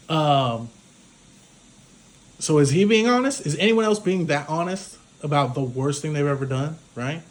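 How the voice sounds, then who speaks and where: A man's voice: fairly high pitch, expressive, normal speed. A man giving a casual spoken recap of a film as a reviewer, rambling with many fillers. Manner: rambling, filler-heavy retelling, full of "like".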